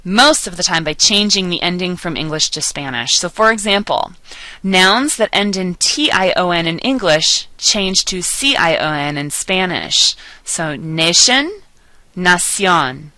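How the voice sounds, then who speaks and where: Female instructor, lower voice with a crisp bright edge, dry close sound, patient and explanatory. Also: lively intonation, no echo, rough recording. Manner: patient, explanatory, slows to enunciate example words. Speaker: Spanish teacher. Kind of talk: recorded classroom lecture.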